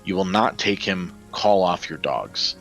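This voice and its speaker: A man's voice: low-pitched, lively intonation, a little slow, a bit bright, dull audio, soft background music, heavily acted. A man voicing a young male noble who defends his father, defiant and commanding.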